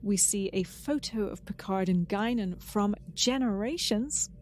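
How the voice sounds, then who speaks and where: A woman's voice: mid-range voice, measured pace, a little hiss or hum. A woman co-hosting a casual podcast, chatting with enthusiasm and a lot of "um" restarts. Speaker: podcast co-host. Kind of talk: casual chat.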